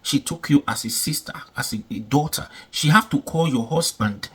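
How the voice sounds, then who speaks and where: A man's voice: medium pitch, moderate pace, fairly bright tone, slightly rough. A man giving casual, emphatic commentary, repeating himself and asking rhetorical questions.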